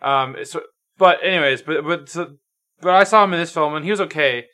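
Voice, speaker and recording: A man co-hosting a podcast, chatting casually about movies and often pausing to find his words. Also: a little high, bright, forceful tone. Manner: hesitant, lots of fillers and restarts while searching for words. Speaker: podcast co-host. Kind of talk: casual movie review chat.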